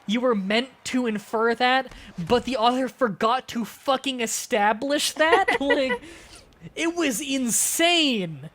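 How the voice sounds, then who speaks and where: A young adult woman streaming a game, chatting casually with animated, profane asides. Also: fairly high pitch, takes it slowly. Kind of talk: casual chat over gameplay.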